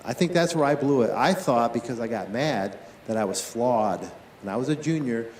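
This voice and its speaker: A man's voice: medium pitch, a little hiss or hum. Echoey man coaching on a tennis court. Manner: lively, talks to players and coaches with quick questions. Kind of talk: live on-court coaching demonstration.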